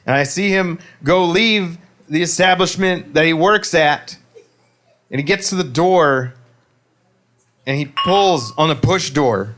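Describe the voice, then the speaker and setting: A man doing a stand-up comedy set, rambling through stories with self-deprecating asides and sudden loud punchlines, on a handheld mic in a comedy club. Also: fairly high pitch, a little slow.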